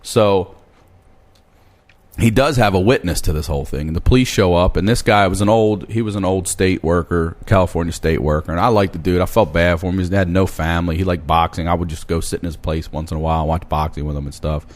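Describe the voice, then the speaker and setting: A man in his thirties telling a long story on a podcast, animated and swearing freely. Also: low-pitched, brisk. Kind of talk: casual storytelling chat.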